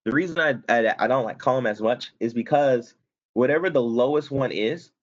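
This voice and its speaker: A male instructor with a mid-range voice talks a little fast as he guides students through a spreadsheet tutorial, step by step. His tone is casual and he keeps correcting himself. The highs are cut off in this screen-recorded software lesson.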